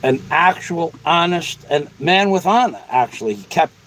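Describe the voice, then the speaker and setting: A man's voice: on the high side, animated, moderate pace, a bit bright, a little hiss or hum, rough recording. A man hosting a casual livestream, reading viewer comments in a blunt, profane, rambling way. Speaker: livestream host.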